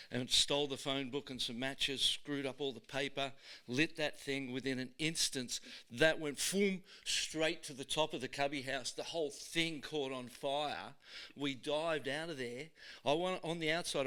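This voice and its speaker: A middle-aged Australian man hosting a podcast in a studio, telling stories in a lively, casual way and often laughing. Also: mid-range voice. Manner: lively yarn-spinner, laughs often, acts out voices in his stories. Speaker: podcast host. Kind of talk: casual storytelling chat.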